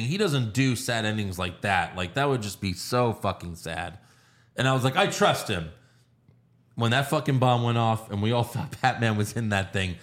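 Brief: male podcast host, casual, excitable storyteller, mid-pitched voice. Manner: animated, profane storytelling with quick voice impressions. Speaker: podcast host recapping a film. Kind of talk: casual chat.

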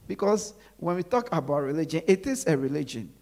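A preacher delivering a sermon who repeats phrases and drops to low murmurs between emphatic lines. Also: expressive, moderate pace, a little mellow.

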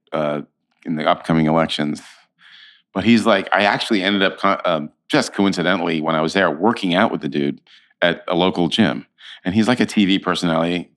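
A man with a very low, deep voice, speaking as an interview guest. He tells anecdotes in an animated, conversational way, often restarting his sentences and breaking into laughter.

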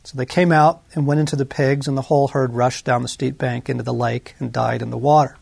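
A male pastor giving a sermon in a conversational way, full of asides and tag questions, slowing down for emphasis and then speeding up. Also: mid-range voice, steady tone, vocal fry, darkish tone, husky, dry recording. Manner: shifts between slow emphasis and quick runs.

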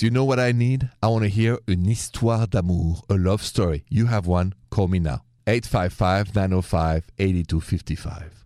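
A man's voice: medium pitch, darkish tone, dry recording, clean studio sound. A man hosting a late-night radio advice show, earnest and caring, slipping words into his talk. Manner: earnest, sprinkles French words.

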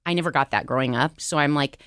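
A woman co-host chatting candidly in a podcast conversation, animated and quick with asides. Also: sits low, clear, resonant tone, no echo, studio quality. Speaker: talk show co-host.

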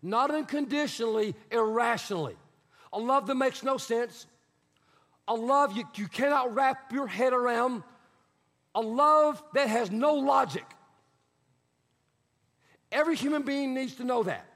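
A man's voice: extremely high pitch, a little slow, long pauses, a bit bright. A man pastor preaching a sermon in a church sanctuary, conversational and emphatic, repeating his key phrases. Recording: long hall reverb.

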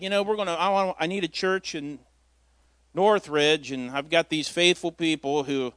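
A man's voice: fairly high pitch, pushed and bright, dry recording. Folksy man giving a casual sermon. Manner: folksy, storytelling, self-deprecating with chuckles. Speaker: lay preacher filling in at church. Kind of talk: informal sermon.

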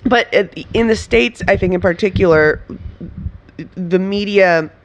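A woman's voice: medium pitch, measured pace, highs cut off. A woman from Venezuela, a comedian guest in casual interview chat, talking animatedly with laughs and frequent restarts.

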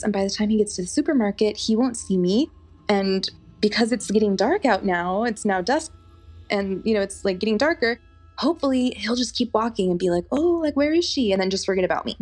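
A young woman telling a personal story in a casual, chatty way, full of fillers. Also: mid-range voice. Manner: animated, chatty, lots of fillers.

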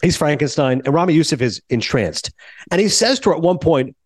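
A man hosting a podcast in casual chat, animated and talkative, jumping from thought to thought. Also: fairly high pitch, brisk, no echo. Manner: animated, chatty, jumps between thoughts. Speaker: podcast host.

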